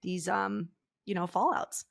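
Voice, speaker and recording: A woman's voice: mid-range voice, a little slow, vocal fry. Candid woman podcast co-host. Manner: candid, swearing, emotional. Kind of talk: casual conversation.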